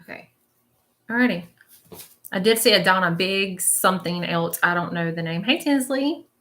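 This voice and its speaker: A woman's voice: fairly low pitch, normal speed, pushed and bright. A woman leading a live-stream reading as a spiritual medium, chatty and reassuring, often checking in with her viewers.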